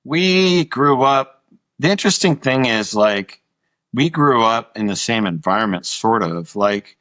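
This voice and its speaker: A man's voice: medium pitch, lively intonation, unhurried, a bit bright, no room sound. A middle-aged man from Montana, a musician guest telling anecdotes in an interview, acting out quoted dialogue and swearing casually. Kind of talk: storytelling interview.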